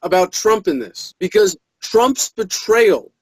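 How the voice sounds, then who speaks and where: A man's voice: sits high, animated, slow pace, slightly rough, dry recording, low-quality recording. A man giving an interview as a political activist, talking earnestly and speeding up when he presses a point.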